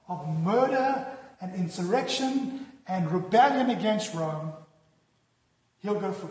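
High-voiced preacher in an echoey hall. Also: male voice. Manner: dramatic storytelling, swings from loud to hushed. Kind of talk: sermon. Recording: echoey hall with long reverb.

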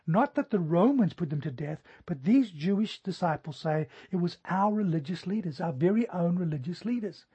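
A man preaching a sermon in a high, husky voice with a mellow, dark tone. He tells stories in an animated way, rising to emphatic peaks. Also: lo-fi sound. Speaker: pastor.

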